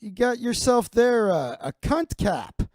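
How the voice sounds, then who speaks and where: A man voicing his crude, chain-smoking older uncle, loud and needling. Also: very high voice, big pitch swings, a little slow, dry recording, pitched above the performer's own voice, heavily acted. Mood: teasing.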